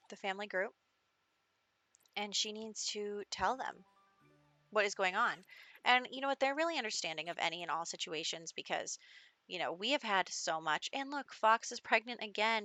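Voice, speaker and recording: A young woman narrates her life-sim game in a chatty, upbeat way, full of casual fillers. Her voice is bright and forward. The sound is dry, with no room echo. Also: mid-range voice. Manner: chatty and upbeat, with frequent fillers like "like" and "you know". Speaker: gaming channel host.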